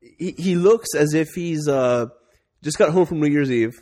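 A man's voice: a little high, normal speed, warm tone. A man co-hosting a casual podcast chat, telling a rambling story with frequent self-corrections. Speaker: podcast co-host.

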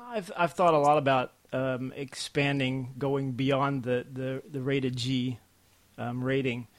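A man, a podcast guest telling a family story in a halting, lively way. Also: medium pitch. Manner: halting, restarts often, lively when telling stories. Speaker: podcast guest, comic artist. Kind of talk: casual storytelling chat.

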